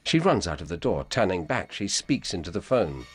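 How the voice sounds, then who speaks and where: A man reading calm, measured audio description over a film. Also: sits low. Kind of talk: scripted narration.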